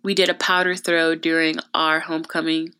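A woman's voice: deep voice, normal speed, smooth. A young woman hosting a podcast, telling stories in a chatty way and acting out the people she quotes. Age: young adult. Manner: chatty storytelling, lively quoted voices. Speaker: podcast host. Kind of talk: casual chat.

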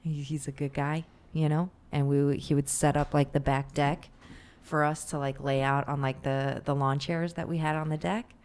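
A young woman with a low, smooth voice, talking loosely and easily. She rambles through her memories, leaning on "like" over and over in relaxed conversation. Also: moderate pace. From Michigan. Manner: relaxed, rambling, heavy use of "like". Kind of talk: casual chat.

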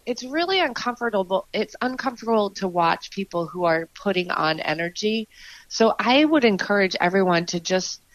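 A woman's voice: medium pitch, lively intonation, normal speed, no echo, low-quality recording. A woman improv performer as a podcast guest, talking in an earnest, reflective way with frequent fillers and restarts. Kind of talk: conversational interview.

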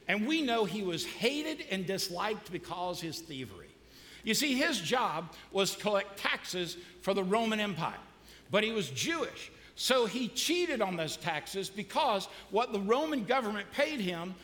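A man's voice: sits high, a bit bright. A male pastor preaching a sermon in a casual, joking way, quizzing the congregation as he goes. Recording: long reverb of a large hall.

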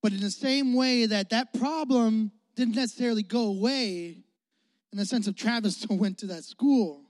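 Casting: a young man from the Chicago area as youth preacher, high-voiced and playful. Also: no room sound, clean studio sound. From Chicago area, United States. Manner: animated, joking, talks to the audience. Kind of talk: storytelling sermon.

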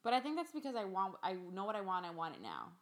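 A woman's voice: mid-range voice, quick pace. A young woman hosting a podcast, chatting casually and bluntly with plenty of swearing. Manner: brash, swears freely, animated. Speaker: podcast host. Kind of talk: casual chat.

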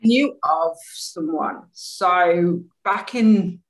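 A woman from Manchester with a Manchester English accent, chatting casually as a guest over a video call, self-deprecating and quick to laugh. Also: fairly low pitch, poor audio. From Manchester, England. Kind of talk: casual conversation.

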